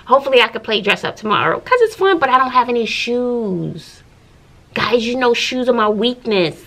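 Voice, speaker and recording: A woman teacher with a Southern US accent, chatting in a casual vlog from her classroom, animated, with folksy asides. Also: on the high side, normal speed. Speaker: teacher and vlogger. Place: classroom at school.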